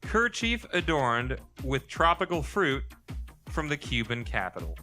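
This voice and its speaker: A man hosting a live pub trivia game, reading clues slowly and repeating each one. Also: medium pitch, huge pitch swings, pushed and bright, faint music behind. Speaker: quiz host. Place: pub stage with live audience.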